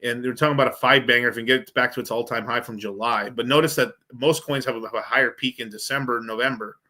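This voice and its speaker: A man's voice: medium pitch, fairly even intonation, quick pace, sharp tone. A man hosting a crypto livestream, chatting casually and profanely as he rambles through charts. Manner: profane, rambling, thinking aloud. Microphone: streaming setup mic.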